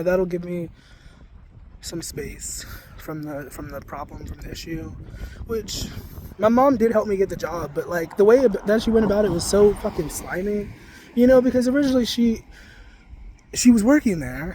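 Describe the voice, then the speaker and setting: A man's voice: fairly high pitch, darkish tone. A young man rambling casually as he walks outdoors by a road, swearing often and filling his talk with "like" and "you know", recorded on a handheld phone. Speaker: spiritual vlogger. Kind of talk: casual walking vlog. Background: passing traffic.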